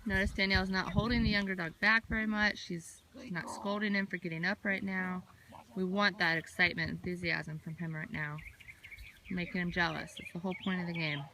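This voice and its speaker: A woman dog trainer giving a steady, explanatory lesson outdoors in a field. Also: lowish voice, brisk. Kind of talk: instructional narration. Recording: echoey, from far off.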